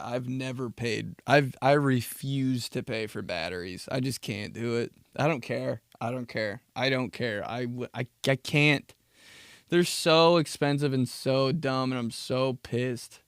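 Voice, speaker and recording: Gravelly, laid-back young man rambling. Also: mid-range voice, no echo, clean studio sound. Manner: rambling, laughing, profane storytelling. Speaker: podcast host. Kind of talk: casual solo podcast monologue.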